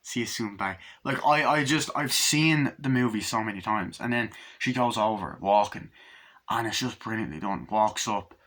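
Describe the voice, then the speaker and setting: A man giving a casual movie review, excited and profane, retelling scenes with eager fan enthusiasm. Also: on the low side, moderate pace.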